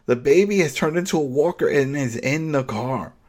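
A man co-hosting a casual chat, retelling scenes with lively energy and acting out the characters. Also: a little high, normal speed. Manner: animated, acts out scenes with shifting voices. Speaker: podcast co-host.

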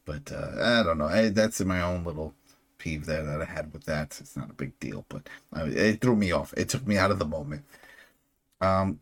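A man's voice: low-pitched, slightly rough. A man co-hosting a podcast, casually recapping a TV episode and acting out characters' lines as he retells scenes. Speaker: podcast co-host. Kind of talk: casual show recap chat.

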